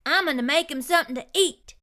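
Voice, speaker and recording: A woman voicing a plucky, eager little girl cook in a storybook, with a brisk, determined way of talking. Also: sits high, bright, forceful tone, pitched above the performer's own voice.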